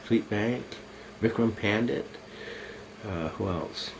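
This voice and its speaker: A man's voice: on the low side, takes it slowly, gravelly, noisy background. An older man, a military veteran, delivering a bitter, accusing monologue to a camera at home, cursing and swearing.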